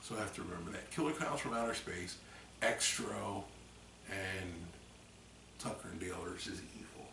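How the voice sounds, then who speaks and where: A man chatting casually on a vlog, rambling through a story with bursts of loud acted screams after a few drinks. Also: deep voice, animated, moderate pace, creaky, noisy background. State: tipsy from drinking. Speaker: vlogger. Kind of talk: casual chat. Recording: echoey room, mic at a distance.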